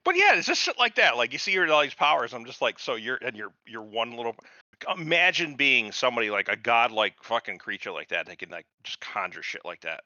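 Bright, profane man in casual chat. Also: medium pitch, very animated, a little fast, dry recording, highs cut off. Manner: profane, rambling, acts out quoted voices. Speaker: podcast host.

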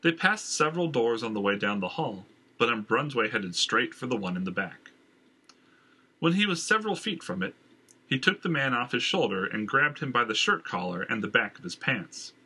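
Bright, husky male audiobook narrator. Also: medium pitch, sing-song, normal speed. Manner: casual reading with filler ums. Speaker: audiobook reader. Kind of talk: fiction narration.

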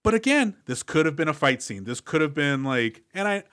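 A man's voice: a little high, sing-song, fairly quick, fairly bright tone, clean tone. Wry male podcast co-host. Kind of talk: casual movie podcast chat.

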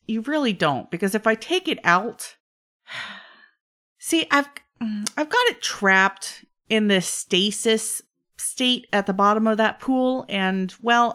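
A woman's voice: a little high, a bit bright, pitched above the performer's own voice. A woman voicing a weary male mage who sighs and dodges questions. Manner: exasperated, evasive, sighing. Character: weary male mage talking to unseen voices.

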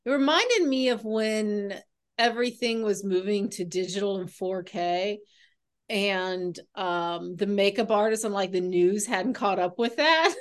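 A woman's voice: mid-range voice, unhurried. A woman co-hosting a podcast, matter-of-fact and dry in casual chat. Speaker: podcast co-host.

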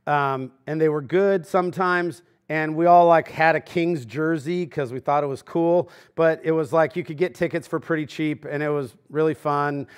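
High-voiced man preaching casually. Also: clear, resonant tone. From Los Angeles. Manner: casual and conversational, with frequent fillers and asides. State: preaching with a swollen knee in a brace. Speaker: pastor. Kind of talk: sermon.

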